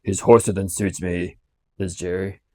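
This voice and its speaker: A man voicing a gruff, wary armed coach guard who barks loud challenges into the dark. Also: on the high side, expressive, a little fast, no echo.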